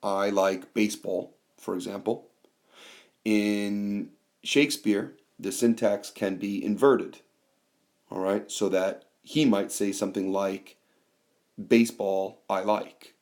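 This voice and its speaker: A man teaching a class in a screencast, explaining slowly with fillers and reading quoted lines aloud. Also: on the low side, little pitch movement, darkish tone. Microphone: tablet microphone.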